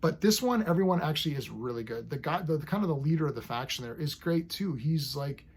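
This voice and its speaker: A man's voice: fairly high pitch, lively intonation, fast talker, slightly rough. A man casually reviewing a TV episode, rambling enthusiastically and acting out scenes as he goes.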